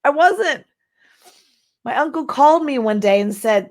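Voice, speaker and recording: A middle-aged woman from Texas giving an energetic, emphatic masterclass talk as a marketing coach, reading viewer comments aloud. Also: mid-range voice, moderate pace, long pauses.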